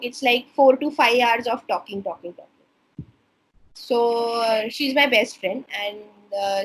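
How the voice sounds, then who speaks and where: Brief: Indian woman, 30s, researcher being interviewed, high and breathy voice, reflective. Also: fairly bright tone, rough recording. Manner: earnest, reflective, many fillers. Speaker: stem cell researcher, interviewee. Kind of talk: casual interview talk.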